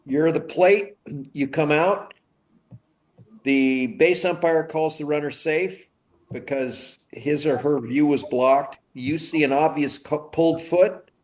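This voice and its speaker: A man with a fairly high voice asks a question in an umpire class. He lays out the scenario one step at a time. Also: steady tone, takes it slowly, darkish tone. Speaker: participant umpire.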